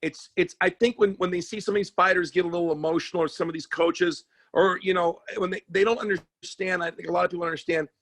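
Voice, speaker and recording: A sports agent who is also a comedian tells stories in casual chat, animated and profane, restarting often. He speaks fast in a high-pitched voice with few pauses.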